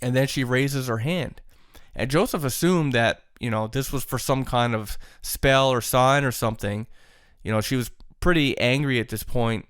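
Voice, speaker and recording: A man's voice: mid-range voice, moderate pace, a bit bright, smooth, dry recording, studio quality. A man casually retelling a friend's strange encounter, with frequent fillers. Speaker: storyteller. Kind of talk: retelling a secondhand story.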